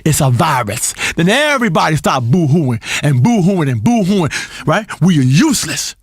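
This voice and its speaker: An actor playing a flamboyant, erratic radio health guru who rants theatrically, swinging from crooning to shouting. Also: male voice, on the high side, very animated, moderate pace, slightly rough, no echo, clean studio sound, exaggerated voice. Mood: manic. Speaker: radio talk show host. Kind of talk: comedic radio show acting.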